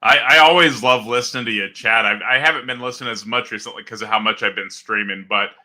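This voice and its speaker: A man's voice: mid-range voice, fast, sharp tone. A man joining a livestream as a guest, talking in a friendly, easygoing way with small stammers. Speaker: guest, fellow streamer. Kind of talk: casual livestream chat.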